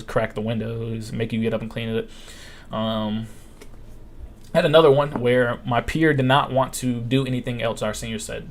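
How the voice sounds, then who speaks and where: A young man in his twenties hosts a casual live-stream Q&A, talking bluntly and with plenty of swearing. His voice sits at an ordinary middle pitch, and he acts out quotes as he tells his stories. A faint background hiss runs under his speech. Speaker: live stream host answering questions.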